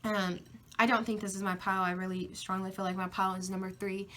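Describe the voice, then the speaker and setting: A woman's voice: mid-range voice, level tone, fast talker, pushed and bright. A woman giving a pick-a-card tarot reading, talking in an ordinary mid-range voice. She hammers home short repeated affirmations with emphatic energy and swears casually. A faint noise sits under the recording. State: tearful, emotional. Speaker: tarot reader.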